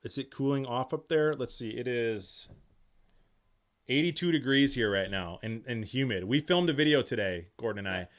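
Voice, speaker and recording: Streaming casually from his home, the host of an outdoor gear channel races through viewers' questions, reacting excitedly and reading chat comments out loud. He talks rapidly and rambles, hopping from thought to thought. His pitch sits in the middle, and his tone is ordinary and unremarkable.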